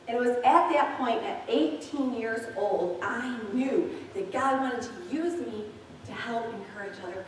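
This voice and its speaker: A woman's voice: fairly high pitch, a little hiss or hum. A woman in her forties preaching a sermon, telling personal stories to her congregation in a candid, chatty way. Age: 40s. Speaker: pastor. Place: church sanctuary. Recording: very echoey, distant from mic.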